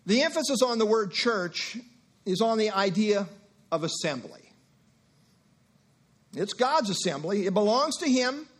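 A male pastor delivers a sermon in a relaxed, conversational way. He breaks off for asides and acts out short exchanges. His voice sits fairly high for a man. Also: a little slow, long pauses, slightly rough. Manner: conversational preaching with asides and acted-out dialogue.

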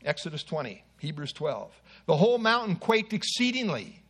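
High-voiced man preaching a sermon. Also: very animated, normal speed, a bit bright, slightly rough. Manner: earnest expository preaching with asides.

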